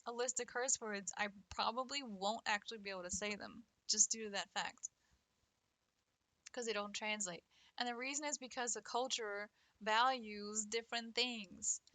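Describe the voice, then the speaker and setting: A woman's voice: fairly high pitch, sharp tone, dry recording. A young adult woman streamer chatting casually with viewers, playful and teasing, laughing often. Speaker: art streamer. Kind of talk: casual livestream chat.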